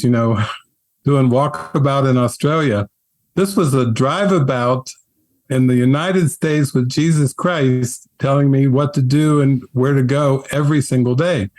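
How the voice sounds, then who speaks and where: A man and spiritual teacher telling his story in an interview, earnest and animated, often laughing. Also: mid-range voice.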